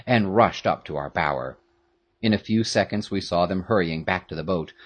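A man narrating a classic adventure story in the first person, with an expressive, dramatic reading. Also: on the low side. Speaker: audiobook narrator.

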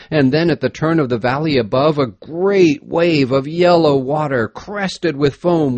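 A man reading an adventure story aloud in an expressive, dramatic manner. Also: mid-range voice, no echo. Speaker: narrator. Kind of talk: storybook narration.

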